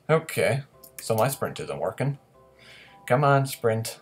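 A young man casually commentating his own gameplay, playfully taunting opponents and bursting into loud excitement during fights. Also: mid-range voice, takes it slowly, soft background music. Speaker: gaming commentator.

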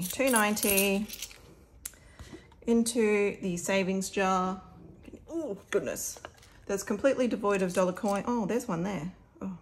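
Aussie lady budget vlogger, chatty and upbeat, counting notes out loud. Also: medium pitch, slight background noise. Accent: Australian. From Australia. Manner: chatty and upbeat, talking to viewers while counting. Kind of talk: casual vlog, counting cash aloud.

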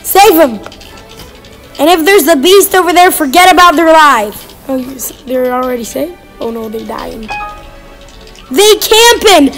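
A woman hosting a casual gameplay chat, excitable and jumpy, giggling and teasing her teammate. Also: high-pitched, normal speed, faint music behind, low-quality recording. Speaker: gaming channel host.

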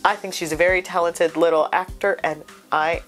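A woman hosting a reaction video in casual chat, excitable and gushing, sounding stuffed up from crying. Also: normal speed, faint music behind. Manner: excitable, gushing, with big pitch jumps.

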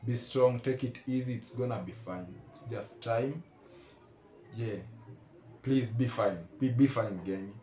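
A man's voice: mid-range voice, measured pace, roomy sound, background noise. A man with a Kenyan accent giving emotional reaction commentary, earnestly repeating his pleas. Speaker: reaction video host.

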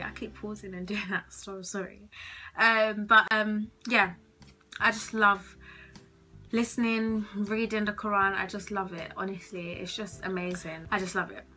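A young woman chatting to camera from her bedroom, gushing and giggly with casual slang, a little nervous. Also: mid-range voice. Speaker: vlogger.

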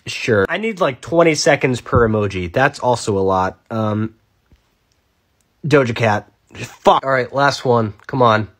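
A young man in his twenties riffs through a comic monologue at a mid-range pitch. He rambles sarcastically, shouting one moment and mumbling the next. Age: 20s. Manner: sarcastic, rambling, jumps between loud outbursts and mutters. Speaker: comedy creator. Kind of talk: casual comedic monologue.

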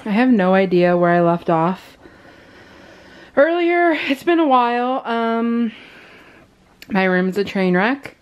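A woman's voice: fairly high pitch, expressive, slow, long pauses, clear, resonant tone, muffled recording. A young woman chatting casually to the camera as a vlogger, loose and rambling with many fillers. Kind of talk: casual vlog haul chat.

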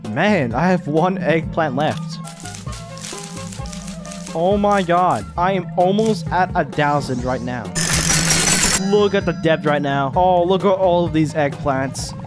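A man giving let's-play commentary on a game, excitable and exclaiming with frequent laughs. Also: a little high, slow pace, over loud music. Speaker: gaming YouTuber.

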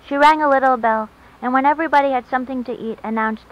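Woman reading a story, fairly high voice. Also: fairly quick, hardly any pauses. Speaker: narrator. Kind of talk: reading a short story aloud. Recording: dull lo-fi recording, faint hiss.

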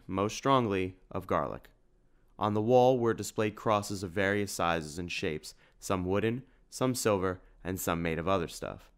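A man narrating an audiobook with steady, even storytelling. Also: fairly low pitch, clean tone.

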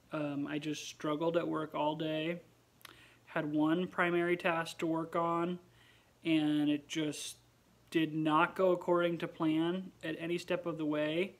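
Speaking slowly in a fairly high voice and pausing often, a young man records a casual late-night vlog from home. He's tired and yawning, yet chatty and expressive, sighing frequently.

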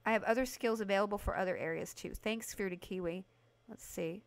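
A woman livestreams a house renovation game, offering casual commentary, chatting with viewers and addressing them by name, and breaking into excited bursts. Her voice is mid-range and brisk.

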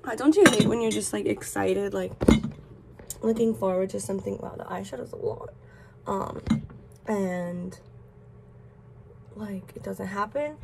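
A woman's voice: mid-range voice, measured pace, creaky, pauses often, noisy background. A young woman in her early twenties, rambling bluntly with swearing as she chats while getting ready at home. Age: early 20s. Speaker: vlogger. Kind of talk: get-ready-with-me chat. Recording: echoey room, distant mic.

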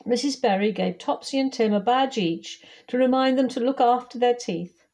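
A woman volunteer reading a children's picture book aloud, lively and talking straight to young listeners. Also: a little high, moderate pace. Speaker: volunteer storybook reader.

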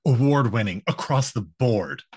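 A man's voice: mid-range voice, animated, darkish tone, husky. A man co-hosting a casual podcast, recapping an episode with frequent uhs and ums, often laughing. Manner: hesitant, lots of uh and um, quick to laugh. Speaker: podcast co-host.

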